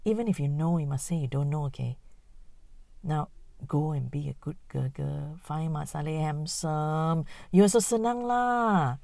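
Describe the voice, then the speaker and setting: A woman voicing a sly middle-aged male hustler who coaxes and instructs in a soft, wheedling way. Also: deep voice, a little slow, creaky, dry recording.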